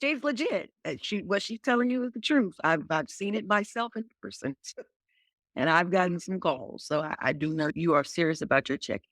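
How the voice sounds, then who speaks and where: A woman's voice: lowish voice, expressive, a bit bright, dry recording, studio quality. A woman hosting a podcast who chats casually in a playful, teasing way. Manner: playful, teasing, quick to laugh. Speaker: podcast host. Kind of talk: casual chat.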